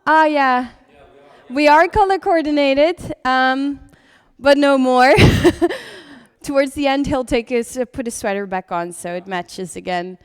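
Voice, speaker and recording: A young adult woman teaching a live yoga class, giving calm step-by-step cues for breathing and posture. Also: high-pitched, no room sound. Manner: chatty and laughing at the start, then slow and calm cueing. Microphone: livestream setup.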